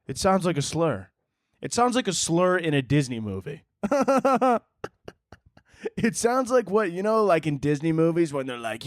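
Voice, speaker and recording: Rambling crude young podcast host. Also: male voice, fairly high pitch, sing-song, moderate pace, no room sound, clean studio sound. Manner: rambling, crude, self-mocking banter with frequent laughs. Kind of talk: solo comedic podcast rant.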